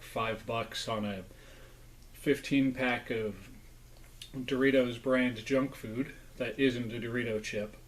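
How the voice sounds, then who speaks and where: A man's voice: mid-range voice, rough recording. A man rambling casually through a snack review, sometimes talking with his mouth full. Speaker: food review vlogger. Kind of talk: casual food review vlog.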